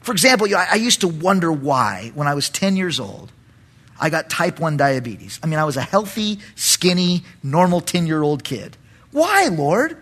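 A man's voice: on the high side, very animated, moderate pace, fairly bright tone. A male pastor preaching an expository Bible study, animatedly breaking into dramatic voices for the characters.

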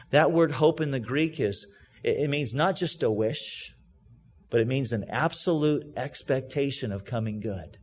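A man preaching a sermon as a pastor, explaining scripture earnestly and emphatically, pressing some words loudly and dropping others to a hush. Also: mid-range voice, moderate pace, breathy edge. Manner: earnest, emphatic, swings between loud stresses and hushed asides; explains and reads scripture aloud to a congregation.

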